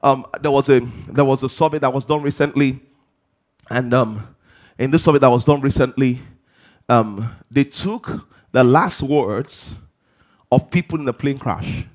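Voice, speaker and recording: A man's voice: medium pitch, a little slow. A man preaching a sermon to a congregation. He asks rhetorical questions and answers them himself, with emphatic rising delivery.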